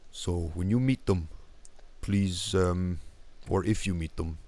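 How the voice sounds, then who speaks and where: A man's voice: low-pitched, slow, mellow, heavily acted. A man playing a formal minotaur guard in a tabletop game, speaking politely and stiffly. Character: formal male minotaur guard, like a large butler.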